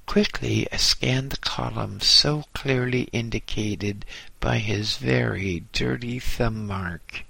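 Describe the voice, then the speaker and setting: Gravelly man reading a memoir. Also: mid-range voice, slow, pushed and bright, dry recording. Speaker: narrator. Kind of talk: audiobook narration.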